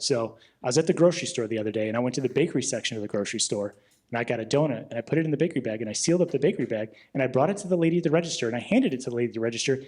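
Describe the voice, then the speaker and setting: A man in his thirties doing a deadpan stand-up set on a club stage into a handheld mic. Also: medium pitch. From Illinois. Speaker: stand-up comedian.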